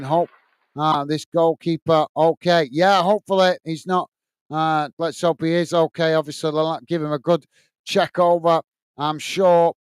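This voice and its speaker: A man's voice: a little high, smooth. A man hosting a football watch-along live stream, reading out viewer comments and giving friendly, repetitive sign-offs with many fillers. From England.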